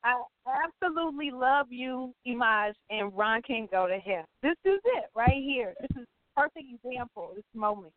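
Co-host: blunt, teasing woman, slightly high voice, tinny phone-line sound. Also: animated, normal speed, no room sound. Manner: blunt, teasing, trips over names. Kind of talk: casual chat.

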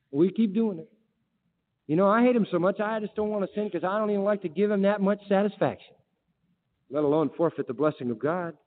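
A male preacher delivering a sermon, emphatic, firing rhetorical questions and quoting scripture. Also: sits high. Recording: tinny phone-like line with long reverb.

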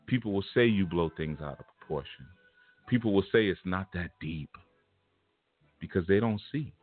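A man's voice: sits low, lively intonation, moderate pace. A man giving a casual spiritual lesson, telling a personal story in blunt, streetwise slang. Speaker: spiritual teacher. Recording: tinny phone-like sound with faint music.

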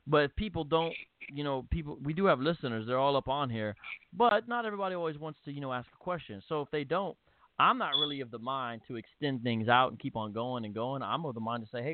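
A man hosting a casual online radio show, talking in a relaxed, chatty way with plenty of fillers. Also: mid-range voice, no echo. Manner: relaxed, conversational, many fillers. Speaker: host. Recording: tinny phone-line audio.

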